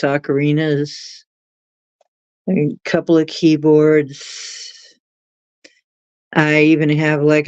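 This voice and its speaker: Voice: medium pitch, darkish tone, no echo. An easygoing livestream host talks unhurriedly with viewers and giggles often. The sound is dull and lo-fi, with a dry, close feel and little room. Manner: giggly, chatty, laughs often. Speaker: livestream host reading chat. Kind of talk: casual chat with viewers.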